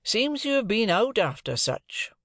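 Sly secretive stranger done by a guy narrating, slow pokey questions, raspy, dry sound. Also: sits high, sing-song, a bit bright, no echo, pitched above the performer's own voice, full character voice. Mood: probing. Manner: slow, probing, insinuating questions. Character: secretive, sly middle-aged male stranger.

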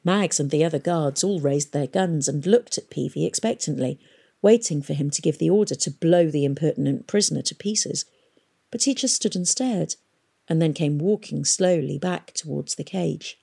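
Woman reading a story out loud, kinda low voice, steady and expressive. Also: normal speed, vocal fry, husky. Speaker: audiobook reader. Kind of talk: storybook narration.

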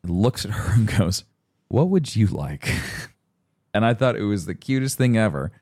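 Lively, animated man telling stories. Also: fairly low pitch, moderate pace. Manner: animated storyteller who acts out quotes. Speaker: podcast co-host. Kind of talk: casual podcast chat.

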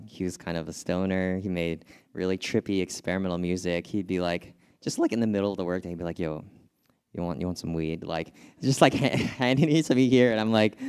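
A young pastor from California preaches in a relaxed, conversational way, telling stories and reading scripture. His voice sits low and comes across smooth and clear. He gets animated and laughs at his own anecdotes. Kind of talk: sermon.

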